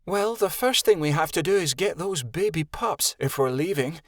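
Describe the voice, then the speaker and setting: An anxious young she-wolf, put on by a male narrator, lifts her voice high above his own. Her pleading rises and falls in a lively way, and the audiobook reading is dry and close. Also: moderate pace, no room sound, close to an everyday voice. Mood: worried. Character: young female wolf, anxious, earnest leader.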